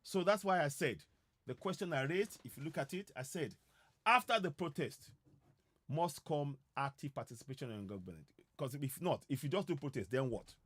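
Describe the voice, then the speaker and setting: A man's voice: a little high, dry recording. A man giving an impassioned broadcast address, urging listeners with repeated calls to act. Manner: urgent, repetitive, exhorting. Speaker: political commentator.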